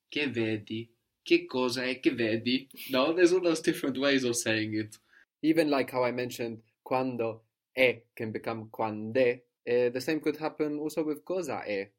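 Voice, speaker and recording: A man's voice: medium pitch, fairly bright tone. A man teaching a language lesson, explaining patiently step by step and checking in with "no?".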